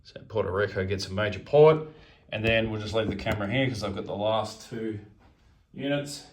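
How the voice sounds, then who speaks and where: A man's voice: fairly low pitch, moderate pace. A man narrating his turn in a strategy board game, methodically counting units and pieces aloud as he moves them.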